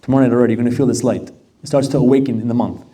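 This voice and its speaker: A man's voice: mid-range voice, steady tone, racing, dark tone, distant mic. A man giving a Torah class with storytelling, earnest and repeating words for emphasis.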